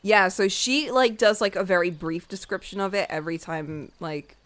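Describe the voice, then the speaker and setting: Young woman streamer, chatty storyteller who acts out every line of dialogue, mid pitch, lots of "like". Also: normal speed, fairly bright tone. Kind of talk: casual chat retelling a book. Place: home room while drawing on stream.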